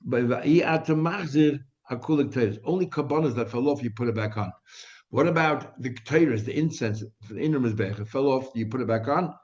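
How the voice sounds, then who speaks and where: A man's voice: mid-range voice, fairly quick, darkish tone, lo-fi sound. A male rabbi giving a daily Talmud lesson, explaining step by step and asking and answering his own questions.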